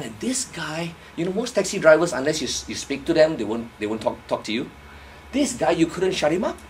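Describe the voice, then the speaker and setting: Animated man telling a story on stage. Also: on the high side. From Malaysia. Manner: animated, acts out dialogue with laughs. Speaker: motivational speaker. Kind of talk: storytelling talk to a live audience.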